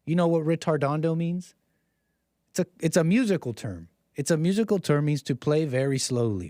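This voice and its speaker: Brief: male streamer, sarcastic and rambling, slightly high voice, dry close sound. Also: fairly quick, dark tone, no room sound. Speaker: stream host. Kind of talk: live-stream commentary monologue.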